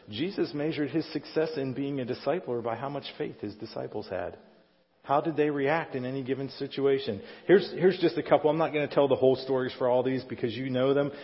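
A middle-aged male pastor preaching a conversational sermon, often asking the congregation questions. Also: medium pitch. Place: church sanctuary. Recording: dull sound in a reverberant hall.

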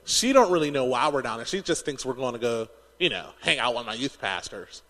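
A man preaching a sermon, telling stories in an animated way and laughing often. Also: mid-range voice, a little fast, long reverb tail.

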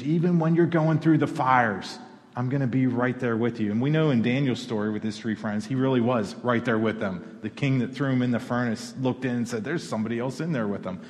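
A pastor delivers a sermon in a mid-pitched male voice, talking to the room like a conversation, then pushing up in pitch and volume for emphasis. A long reverb from the church hall trails behind his words. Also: darkish tone. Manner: conversational, rising to emphatic peaks.

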